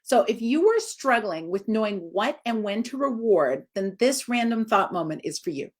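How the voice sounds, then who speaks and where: A woman in her forties, a dog trainer, talks informally on a live video. Her voice is expressive and swings up high for emphasis, and she speaks at a moderate pace.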